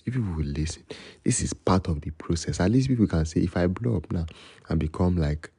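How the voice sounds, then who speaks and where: A young Nigerian man hosting a solo podcast late at night, rambling and freestyling in a low voice and slipping between Pidgin and English. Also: lively intonation, fairly quick, creaky, warm tone, slightly rough, no echo. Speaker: podcast host.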